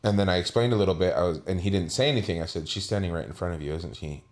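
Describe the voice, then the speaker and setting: A man's voice: deep voice, very fast. A man co-hosting a podcast, telling a casual story and acting out the voices of the people in it. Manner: animated storyteller, acts out quoted voices. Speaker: podcast co-host.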